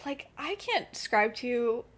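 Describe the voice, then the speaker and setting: A woman's voice: on the high side, big pitch swings, a little slow. A young woman on a podcast, casually retelling her fan-fiction story, chatty and full of "like" and "um". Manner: chatty, full of "like" and "um", laughs often. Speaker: podcast co-host.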